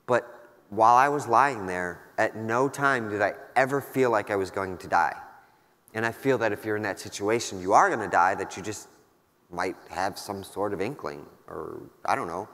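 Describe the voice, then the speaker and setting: A man's voice: lowish voice, normal speed, fairly bright tone. Man telling a candid story in a reverberant hall. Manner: candid, casual, wry, filler-heavy storytelling. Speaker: keynote speaker. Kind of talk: personal war story told on stage. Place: large conference hall.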